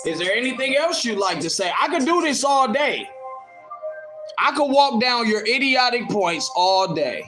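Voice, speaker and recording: The roomy-sounding audio captures a man with an extremely high, slightly bright voice hosting a livestream in Ohio. Responding to commenters, he launches into a combative rant, mocking and taunting one critic and laughing at him.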